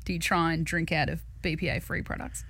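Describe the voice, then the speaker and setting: A woman co-hosting a breakfast radio show, chatting casually with lively, animated storytelling. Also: low-pitched, a little fast.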